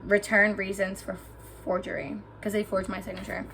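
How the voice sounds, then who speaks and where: Speaking straight to camera for a storytime vlog, a young woman recounts a personal story in an animated, emphatic way and grows heated. Her mid-range voice is bright, forceful and gravelly, at normal speed, with a faint room hum behind her.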